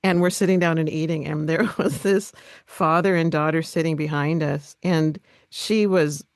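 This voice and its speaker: Low-voiced woman podcast host. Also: fairly even intonation, moderate pace, dry recording, clean studio sound. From northern Minnesota, USA. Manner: friendly, chatty with laughs. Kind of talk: casual interview chat.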